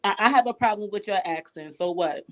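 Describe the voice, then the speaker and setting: A woman's voice: medium pitch, fairly quick. A woman co-hosting a live stream in casual chat, making pointed arguments and asking rhetorical questions. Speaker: livestream co-host.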